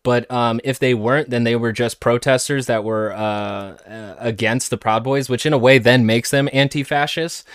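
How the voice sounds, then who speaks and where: A man's voice: mid-range voice, moderate pace, few pauses, clear, resonant tone, no echo, studio quality. A man hosting a podcast, commenting sarcastically on played clips in a casual way. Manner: sarcastic, mocking impressions. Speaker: podcast host.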